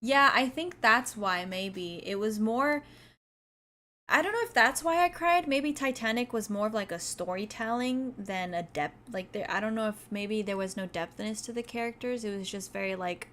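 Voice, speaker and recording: A woman's voice: medium pitch, normal speed, sharp tone, a little hiss or hum. Rambling streamer woman chatting. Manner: rambling, hesitant, many restarts. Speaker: streamer reading chat. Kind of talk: casual live-stream chat.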